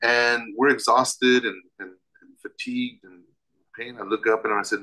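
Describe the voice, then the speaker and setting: A man's voice: mid-range voice, fairly even intonation, unhurried, sharp tone, rough recording. A man telling a personal story as an interview guest, vivid and emphatic, with restarts.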